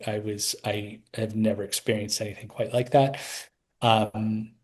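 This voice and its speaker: A man's voice: lowish voice, flat delivery, a little slow. A middle-aged man telling a personal story as an interview guest, rambling with many restarts.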